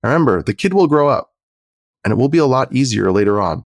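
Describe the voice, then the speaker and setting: A man's voice: medium pitch, expressive, fast talker, no room sound, clean studio sound. A man on a podcast giving earnest, practical relationship advice as a therapist guest.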